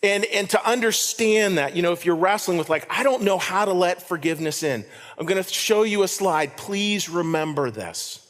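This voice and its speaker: Animated pastor preaching in a reverberant hall. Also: male voice, high voice, fairly quick, hardly any pauses. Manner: animated, swings from loud to hushed. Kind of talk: sermon. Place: church hall.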